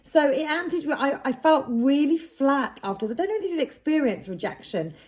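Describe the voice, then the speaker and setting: A woman co-hosting a podcast, telling stories in a chatty, lively way and swearing freely. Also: high-pitched, normal speed. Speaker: podcast co-host. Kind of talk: casual chat.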